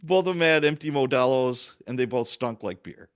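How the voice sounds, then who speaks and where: Man telling animated police stories. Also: mid-range voice, normal speed, smooth. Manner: animated, acts out dialogue. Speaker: police officer. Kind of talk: casual storytelling.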